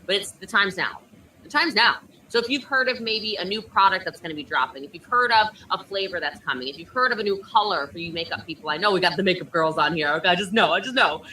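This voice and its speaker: High-energy woman giving sales coaching. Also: fast, bright, forceful tone, far from the mic, a little hiss or hum, poor audio. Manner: high-energy, emphatic, pushy. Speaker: network marketing coach. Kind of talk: motivational coaching talk. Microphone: video call.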